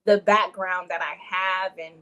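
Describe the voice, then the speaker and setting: A woman's voice: on the low side, fairly even intonation, a little slow, fairly bright tone, clean tone, rough recording. A young woman from Louisiana, raised in Atlanta, chatting casually as an interview guest, telling stories with quoted asides and laughing easily.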